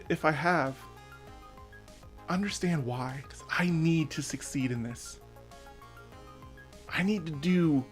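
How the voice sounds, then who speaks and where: Earnest man in his thirties ranting. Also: fairly high pitch. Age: 30s. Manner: earnest, emotional, swearing. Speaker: vlogger. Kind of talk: personal rant.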